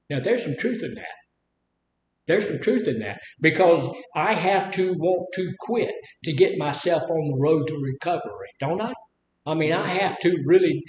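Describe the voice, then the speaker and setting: A man's voice: on the high side, roomy sound, low-quality recording. A man from Mississippi with a Southern accent, giving a folksy, conversational recovery talk full of rhetorical questions. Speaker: addiction recovery speaker.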